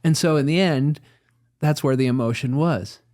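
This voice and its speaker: A man's voice: on the high side, moderate pace, a little mellow. A man hosting an interview as a therapist, affirming and reframing his guest's thoughts. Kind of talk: supportive interview conversation.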